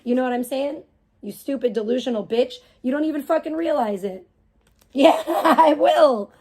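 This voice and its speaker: A woman streamer in the middle of an angry rant, swearing hard and dripping with contempt. Her voice sits a little high for a woman. She mocks as much as she talks. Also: normal speed, mellow. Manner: profane, scornful, mocking. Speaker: live streamer. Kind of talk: angry ranting live stream.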